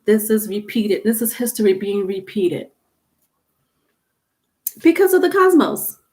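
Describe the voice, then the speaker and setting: A woman's voice: medium pitch, big pitch swings, measured pace, darkish tone. A middle-aged woman talks casually through a tarot livestream from home. Her delivery is chatty and loose. She circles back over her points and laughs often. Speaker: tarot reader.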